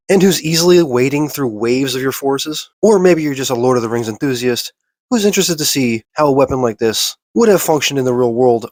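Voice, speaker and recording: A man's voice: mid-range voice, no echo. Congested nasal man explaining sword technique. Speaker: martial arts instructor. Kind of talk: instructional video explanation.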